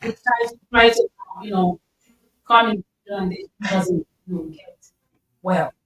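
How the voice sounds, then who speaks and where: A woman speaking earnestly and loudly to a mosque gathering, with an emphatic manner and a lot of repetition. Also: medium pitch, steady tone, measured pace. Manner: earnest, loud, emphatic, repeats herself. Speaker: community speaker. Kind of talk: informal talk to a mosque gathering. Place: mosque hall. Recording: echoey hall, distant mic, faint noise.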